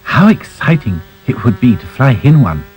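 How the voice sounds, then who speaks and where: A man's voice: mid-range voice, sing-song, normal speed, darkish tone, pitched above the performer's own voice, natural voice, poor audio. A man voicing a prim, genteel female princess doll in a storybook cartoon.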